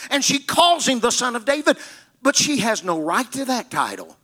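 A man's voice: very high-pitched, very animated, moderate pace, sharp tone. A man preaching a sermon, retelling scripture stories dramatically and repeating key words for emphasis.

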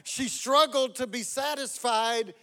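A man's voice: extremely high pitch, takes it slowly, bright, forceful tone, big-room sound. A male pastor giving a sermon in a conversational, joking, self-deprecating way.

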